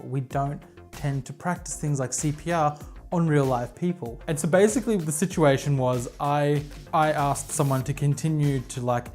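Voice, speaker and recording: A woman's voice: low voice, darkish tone. Chatty Australian woman, self-deprecating host. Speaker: knitting podcast host. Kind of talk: casual chat to camera. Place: home, on her couch.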